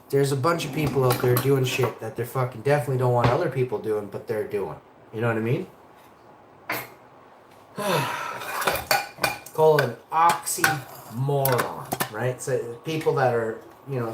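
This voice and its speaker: Canadian guy in his 40s rambling and cussing through old stories, echoey room, faint hiss. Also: mid-range voice. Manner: rambling, profane, storytelling. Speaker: livestream host. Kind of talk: rambling casual monologue.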